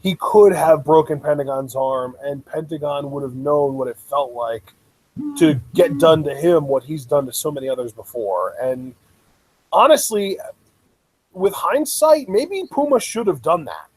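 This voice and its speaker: A man co-hosting a casual wrestling review chat, relaxed and thoughtful with a few restarts. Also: fairly high pitch, measured pace, low-quality recording. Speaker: co-host reviewing wrestling episodes.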